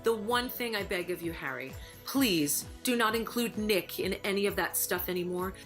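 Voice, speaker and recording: A woman speaks in a bright, forceful voice, sassy and emphatic as she gives her views on the people in the house. She gossips with plenty of attitude. Faint music plays behind her. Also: mid-range voice, moderate pace. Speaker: former housemate giving opinions. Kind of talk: recorded opinion piece to camera.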